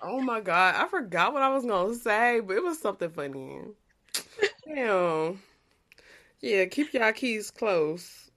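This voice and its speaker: A woman's voice: medium pitch, big pitch swings, measured pace, a bit bright, dry recording. A woman in her twenties co-hosting a casual chat podcast, slangy and laughing often. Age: 20s. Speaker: podcast co-host.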